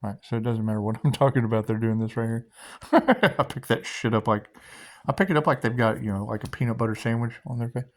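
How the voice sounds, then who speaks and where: A man hosting a loose, repetitive spiritual monologue, laughing often and swearing, sometimes dropping to a hushed guiding tone. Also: mid-range voice, fairly even intonation, rapid-fire, few pauses. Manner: drops to a hushed guiding tone for meditation cues. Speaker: spiritual video host.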